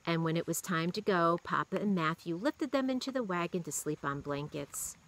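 A woman reading a children's novel aloud in a steady, expressive way. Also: fairly low pitch, moderate pace, low-quality recording. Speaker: reader.

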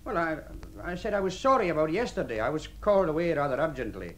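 A man's voice: on the high side, sing-song, quick pace. An actor in a radio drama playing an awkward workman who stammers and hesitates. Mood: flustered. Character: awkward flustered male workman. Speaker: the Plumber.

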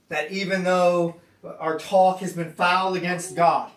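Man, high voice, earnest sermon, echoey room, mic far off. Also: fairly bright tone. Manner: earnest, repeats words, many restarts. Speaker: pastor. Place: church gathering room.

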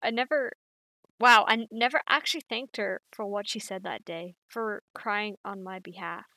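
A woman's voice: mid-range voice, moderate pace, sharp tone, dry recording. A woman voicing a protective teenage schoolboy in a fan dub of game dialogue, reading earnestly in her own voice.

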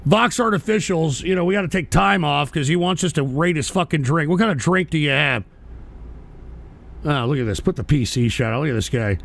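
A man's voice: on the high side, fairly quick, vocal fry, fairly bright tone. A man hosting a call-in show, talking crude and ranting with constant swearing. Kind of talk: profane call-in stream chat.

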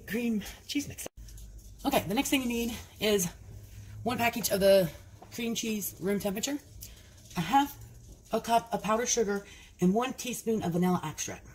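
A woman's voice: medium pitch, darkish tone, husky. A woman in a home cooking vlog, chatting and explaining each step as she goes. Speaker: cooking vlogger.

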